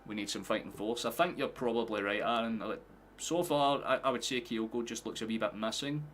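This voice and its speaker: A young Scottish man livestreams his reactions to a football match, chatting with viewers and swearing freely. Excitable, he erupts into shouts when goals go in. His medium-pitched voice moves fairly quickly over slight background noise.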